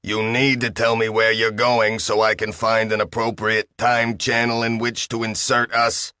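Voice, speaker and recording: A man voicing a bullying, smarmy talking machine, loud and peremptory with a slight accent. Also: lowish voice, monotone, normal speed, smooth, no room sound, clean studio sound. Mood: bossy.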